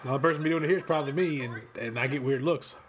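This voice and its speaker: A man's voice: medium pitch, a crowd in the background. Rambling, profane man hosting. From western Kentucky, USA. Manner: rambling, profane, quick to excited outbursts. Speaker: host. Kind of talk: casual watch-along commentary. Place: cold home office studio.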